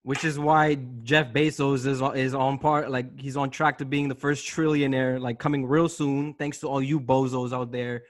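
A man's voice: medium pitch, little pitch movement, normal speed, few pauses. A man co-hosting a podcast, talking casually and rambling with lots of fillers. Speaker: podcast co-host. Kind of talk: casual chat.

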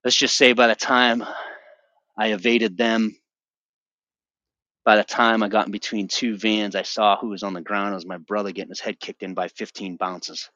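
A man's voice: fairly low pitch, level tone, normal speed, bright, forceful tone, no echo, muffled recording. A man in his forties from the Boston area, a podcast guest telling his personal testimony in an intense, emphatic way with frequent restarts. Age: 40s.

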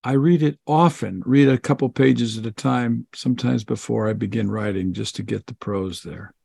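A man answering interview questions in a relaxed, chatty way. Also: medium pitch, moderate pace, vocal fry, husky, no echo. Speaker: guest author.

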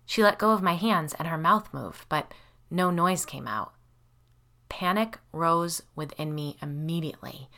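Bright-voiced woman narrating a story. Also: low-pitched, unhurried. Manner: expressive, lively storytelling with voiced dialogue. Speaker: audiobook narrator. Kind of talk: scripted first-person narration.

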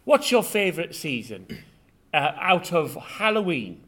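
A boisterous Yorkshire man hosting a silly comedy sketch, his voice high and bright. He swings up and down a lot as he goes, loud and crude. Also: sing-song, a little slow. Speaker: host.

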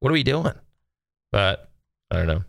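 A man's voice: on the low side, very animated, normal speed, gravelly, a bit bright, no echo, studio quality. A man in his thirties, from Texas, talking casually to viewers from home in a rambling, exasperated rant full of fillers. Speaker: solo video host.

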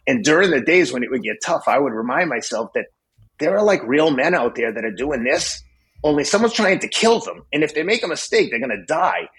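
A man in his fifties, a podcast guest, telling a story in a blunt, profane, excitable way. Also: fairly high pitch, brisk, husky, low-quality recording. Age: 50s. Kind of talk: casual storytelling.

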